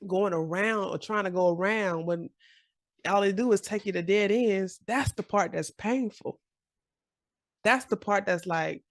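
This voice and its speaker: Gravelly-voiced encouraging woman in her forties. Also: medium pitch, unhurried, no room sound, clean studio sound. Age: 40s. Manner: animated, encouraging, slips into quoted voices and laughs often. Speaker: journaling vlogger. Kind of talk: casual motivational talk to camera.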